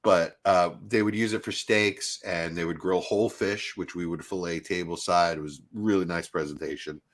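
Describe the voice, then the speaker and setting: Middle-aged male co-host, low voice, animated casual storyteller. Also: moderate pace. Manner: animated storyteller, mimics accents in passing. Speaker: podcast co-host. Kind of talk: casual chat.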